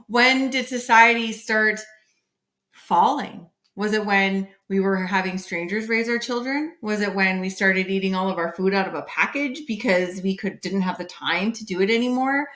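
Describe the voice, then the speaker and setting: A woman's voice: mid-range voice, normal speed, a bit bright. Emphatic woman in her forties, roomy sound. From Canada. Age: 40s. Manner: emphatic, opinionated. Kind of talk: casual podcast conversation. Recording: echoey room.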